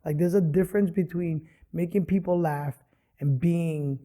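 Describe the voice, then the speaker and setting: A middle-aged man from Hawaii, a comedian telling stories in an animated way with many fillers, on a studio podcast mic. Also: fairly high pitch, moderate pace. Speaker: comedian and guest. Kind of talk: casual interview storytelling.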